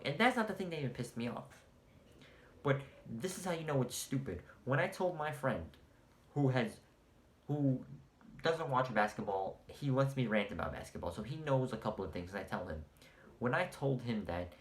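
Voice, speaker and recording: Heated ranting man, echoey room. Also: medium pitch. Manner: heated, sarcastic, profane. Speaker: sports commentator. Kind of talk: ranting sports vlog.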